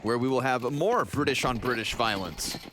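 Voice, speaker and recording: A man calling live esports play-by-play with animated, vivid commentary. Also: mid-range voice, normal speed, very noisy.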